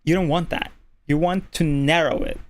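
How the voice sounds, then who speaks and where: A streamer from Norway with a male-sounding voice, casually explaining voice tips at a desk mic, keeping the voice relaxed and filling pauses with "like". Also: on the high side, dry recording. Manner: relaxed, deliberately easy on the voice, lots of "like" fillers. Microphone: desk microphone.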